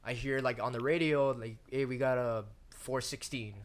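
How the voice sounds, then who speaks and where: Animated Hawaiian man telling stories. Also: medium pitch, moderate pace. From Hawaii (Maui). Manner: animated, acts out quotes in shifting voices. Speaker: podcast guest, MMA fighter. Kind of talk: casual storytelling.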